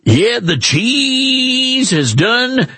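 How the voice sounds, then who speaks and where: A man doing a mocking impression of a folksy middle-aged male senator in a put-on thick Southern drawl, slow and twangy. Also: very high voice, very animated, bright, forceful tone, no echo, voice pushed up, full character voice. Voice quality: slow drawn-out hick twang.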